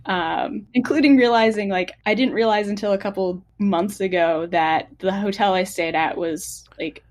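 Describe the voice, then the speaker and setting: A woman from the United States, a cartoonist guest on a podcast, chatting casually in a rambling way with lots of "like" and soft laughs. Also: medium pitch, fairly even intonation, normal speed.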